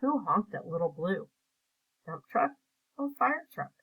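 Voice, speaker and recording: A woman teacher reading a picture book aloud and asking simple comprehension questions in a slow, clear, patient way. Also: medium pitch, sing-song, a bit bright, rough recording.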